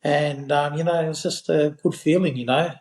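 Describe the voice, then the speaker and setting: A man's voice: fairly high pitch, fairly even intonation, normal speed, darkish tone, reverberant. A man, a podcast guest, telling a long casual story in a rambling way, full of fillers like "you know". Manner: rambling anecdote with many fillers. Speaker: podcast guest, parkrun regular.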